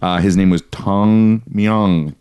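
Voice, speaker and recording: Man, young adult, podcast host, casual chat, rambling, restarts, lowish voice. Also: steady tone, takes it slowly, a little mellow, clear, resonant tone. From Canada. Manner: rambling, laughs often, reads notes with restarts.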